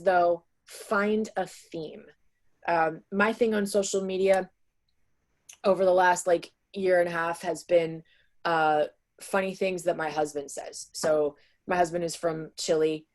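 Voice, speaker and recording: A woman's voice: fairly low pitch, steady tone, a little slow, a little mellow. Chatty woman presenting on a video call. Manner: chatty, with many "um" and "like" fillers. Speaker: sales trainer presenting to real estate agents. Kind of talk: casual webinar presentation.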